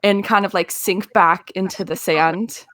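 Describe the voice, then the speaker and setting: A woman's voice: mid-range voice, steady tone, unhurried, a bit bright, no room sound. A woman narrating her character's actions in a tabletop game, hesitant with many fillers. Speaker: player.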